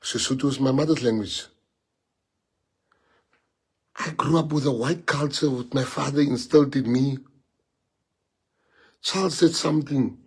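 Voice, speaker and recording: A South African man with a husky voice speaks English as an Afrikaans native, at a middling pitch. He talks to his followers in an impassioned way and keeps repeating rhetorical questions. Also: normal speed. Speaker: politician addressing followers. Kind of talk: emotional live-streamed monologue.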